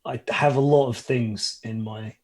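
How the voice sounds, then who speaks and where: A man's voice: medium pitch, steady tone, a little slow, darkish tone. A man playing a tabletop game, making playful, teasing remarks to the group. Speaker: player. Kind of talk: casual tabletop play.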